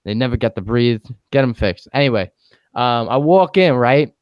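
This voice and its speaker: A man's voice: medium pitch, animated, moderate pace, smooth, no echo, dull audio. A young man co-hosting a podcast, telling funny stories in laid-back, joking casual banter with casual swearing. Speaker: podcast co-host.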